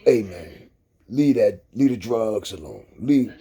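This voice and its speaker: A man's voice: fairly low pitch, lively intonation, takes it slowly, warm tone, husky. A middle-aged man speaking in a profane, impassioned monologue, preaching to viewers in street slang and tagging lines with "man" and "you dig". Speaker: vlogger.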